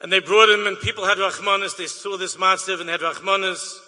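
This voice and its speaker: A man's voice: high-pitched, fairly even intonation, a little fast, pushed and bright, long reverb tail. A man, a rabbi, tells an emotional story to an audience, dropping Yiddish and Hebrew words and repeating his phrases.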